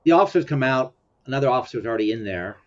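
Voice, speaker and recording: A man's voice: medium pitch, expressive, racing. A man hosting a casual commentary chat, chuckling often and meandering with fillers. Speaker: host. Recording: dull lo-fi sound.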